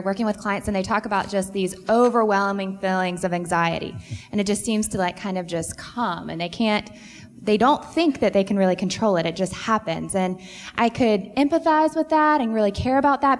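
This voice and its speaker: Woman, counselor, earnest and reflective storyteller, reverberant hall. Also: mid-range voice. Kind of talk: sharing a personal story in a church panel.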